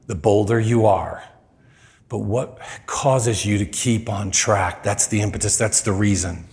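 Male preacher, church sermon, animated storyteller who leaps high for quoted lines. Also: a little slow. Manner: animated storyteller, voice jumps high when quoting people.

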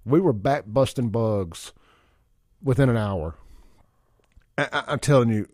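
A man hosting a radio talk show, telling stories in a blunt, animated way. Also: medium pitch, moderate pace, pauses often, no echo, studio quality. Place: radio studio.

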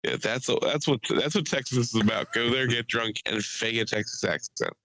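A man's voice: medium pitch, normal speed, pushed and bright, poor audio. A man co-hosting a casual podcast chat, joking, profane and teasing his friend. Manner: joking, profane, mocking put-on voices. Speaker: podcast co-host.

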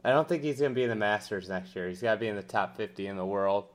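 Animated man talking casually. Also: lowish voice, rapid-fire. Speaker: podcast co-host. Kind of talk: casual sports chat.

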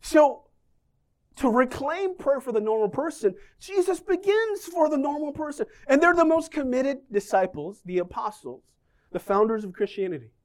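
A man's voice: extremely high pitch, expressive, normal speed. A man preaching a sermon, joking and asking the congregation questions as he talks. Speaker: pastor.

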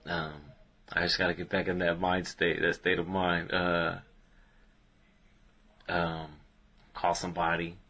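Bright-voiced Dallas man telling stories. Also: low voice, little pitch movement, a little slow, long pauses. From Dallas, Texas. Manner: laid-back, laughs through his stories, calls friends "fool". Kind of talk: casual storytelling chat.

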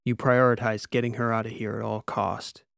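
A sardonic, commanding squad leader in a sci-fi audiobook, read by a male narrator, giving orders in a low, gravelly voice. The sound is close and dry. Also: little pitch movement, moderate pace, a bit bright, no echo. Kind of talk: audiobook character voice.

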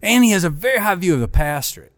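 A man's voice: sits high, fast talker, dry recording. Middle-aged guy telling a story, lots of voices, dry close mic, pastor chatting. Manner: animated storyteller acting out quoted voices. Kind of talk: storytelling in casual chat.

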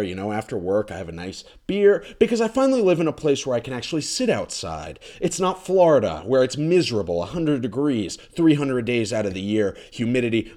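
A man delivering a sarcastic, exasperated comedic rant, swinging between loud outbursts and muttered asides, recorded close up in his condo. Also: medium pitch. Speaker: ranting commentator.

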